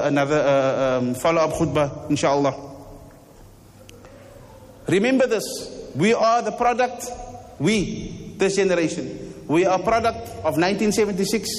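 A man with a South African accent delivering a Friday sermon in a mosque, impassioned and repeating rhetorical questions. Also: high voice. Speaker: mosque preacher. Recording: long hall reverb.

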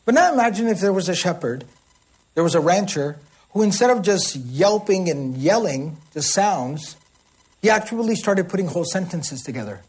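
Husky-voiced man teaching word meanings. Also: high-pitched, lively intonation, moderate pace. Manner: explanatory, checks in with listeners often; acts out calls and shouts. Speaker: religious teacher. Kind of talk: religious language lesson.

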